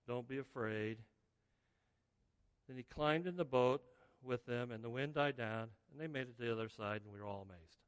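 Animated male pastor in a reverberant hall. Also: mid-range voice, normal speed, clear, resonant tone. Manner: animated storytelling, acts out the scenes. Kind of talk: sermon. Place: church sanctuary. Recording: long reverb of a large hall.

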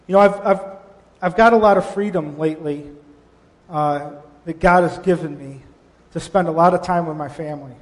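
Middle-aged male pastor, sermon delivery, higher-pitched, animated with frequent restarts, long hall reverb. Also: moderate pace, long pauses. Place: church sanctuary.

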